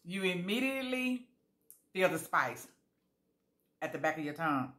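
A woman's voice: low voice, moderate pace, a bit bright. A woman food vlogger tasting jellies on camera, chatting casually to her viewers with savoring murmurs between bites.

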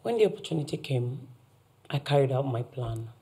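An actress with a Nigerian accent plays a middle-aged mother calmly confessing a scheme, unrepentant, in a TV drama. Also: a bass voice, full character voice. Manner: measured, unrepentant. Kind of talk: TV drama acting.

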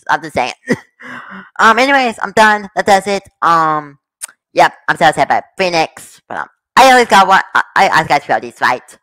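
A man hosting a reaction video, rambling excitedly and laughing often. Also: a little high, normal speed, no room sound, poor audio. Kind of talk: casual reaction commentary.

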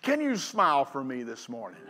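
A man preaching a sermon in a church, folksy and fiery, building up to shouts. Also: medium pitch, huge pitch swings, moderate pace. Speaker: pastor. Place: church sanctuary. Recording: long church hall reverb.

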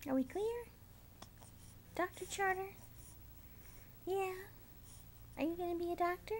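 Woman, mother, high slow baby talk, playful and cooing. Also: slight background noise. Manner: sing-song, cooing, playful.

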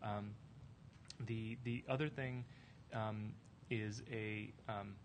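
Halting low-voiced developer. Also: male voice, fairly even intonation, background noise. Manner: halting, heavy fillers. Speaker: panelist, developer. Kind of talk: conference panel answer.

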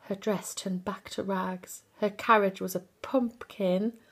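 A woman reading a bedtime story for toddlers in a soft, expressive way, sometimes dropping to a whisper. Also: medium pitch, slow pace, slightly rough.

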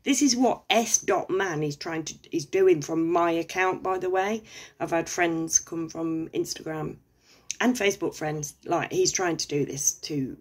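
A woman's voice: fairly low pitch, measured pace. A middle-aged woman with an English accent, ranting casually in a sweary, sarcastic, rambling way. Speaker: vlogger. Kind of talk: casual rant to camera.

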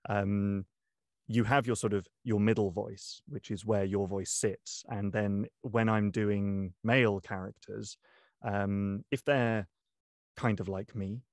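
A young man, an audiobook narrator, talking through his craft in a casual interview, pausing often with ums and restarts. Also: on the low side, fairly even intonation, a little mellow, no echo, clean studio sound. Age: young adult. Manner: thoughtful, many ums and restarts. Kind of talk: interview guest, casual talk.

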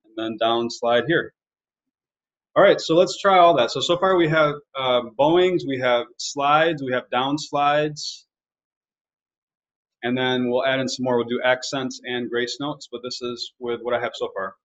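A man walks students through violin technique in a live online lesson. He talks casually and pauses with fillers. His mid-range voice comes through muffled webinar audio. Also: medium pitch. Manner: relaxed, explanatory, with fillers. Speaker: violin teacher.

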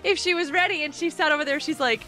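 High, giggly woman streamer. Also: quick pace, pushed and bright, faint music behind. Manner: giggly, chatty, laughs often. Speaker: gaming live streamer. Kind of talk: casual live stream chat. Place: home room with carpet.

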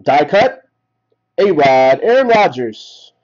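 A man hosts a live card break, slowly calling out each card he pulls and lifting his voice at the good ones. His pitch swings widely, with a fairly high voice. The stream audio sounds dull and lo-fi. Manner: rattles off names, excited at big hits. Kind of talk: live card-opening commentary.

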